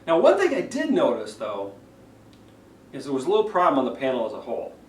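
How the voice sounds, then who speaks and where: A man who is a public speaking coach giving an animated speech evaluation lesson, acting out vocal examples as he goes. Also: mid-range voice, fast talker. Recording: roomy echo, distant mic.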